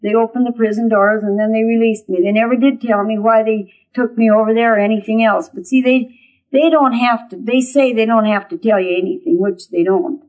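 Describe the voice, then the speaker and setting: An older woman, recounting her own experience in spoken testimony. She talks in a plain, folksy way, with many uh fillers and acted-out dialogue, in a fairly high voice. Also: steady tone, brisk, darkish tone, dull audio.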